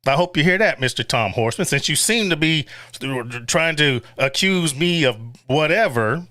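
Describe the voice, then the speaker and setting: A man's voice: fairly high pitch, animated, moderate pace, bright, forceful tone, dry recording. Blunt, profane man hosting a livestream. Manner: chuckles often between remarks; reads viewer chat aloud. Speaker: livestream host. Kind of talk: casual livestream chat.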